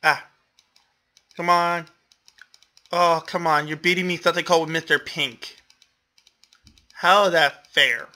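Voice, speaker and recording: Bright-voiced young guy commentating a game. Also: a little high, fairly even intonation, a little slow, long pauses. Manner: self-deprecating, exclamatory, laughs often. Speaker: gamer commentator. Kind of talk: casual gameplay commentary.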